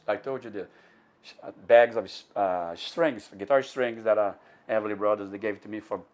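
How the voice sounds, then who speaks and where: An older man from Brazil telling a personal story in English, animated and rambling, with frequent laughs and many restarts. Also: mid-range voice. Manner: animated, acts out quoted voices, laughs often.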